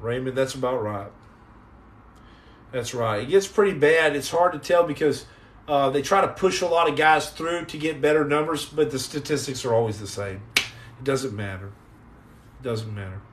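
A middle-aged man chatting casually on a livestream, answering viewer comments in a rambling, joking way that often repeats and restarts words. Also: mid-range voice.

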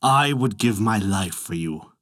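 A man's voice: lowish voice, animated, measured pace, a bit bright, no room sound, clean studio sound. A man voicing a lovesick, fretting dragon king of the sea in a storybook tale, pleading and commanding in turn. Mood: distraught.

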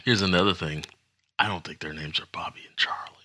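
A man's voice: sits low, steady tone, fairly quick, pushed and bright, husky. A man co-hosting a casual crypto news podcast, joking and rambling with self-conscious asides. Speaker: podcast co-host.

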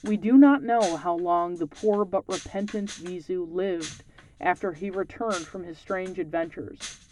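A podcast host reading a folktale aloud and reflecting on it in measured, scripted narration. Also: medium pitch, a little mellow, faint music behind.

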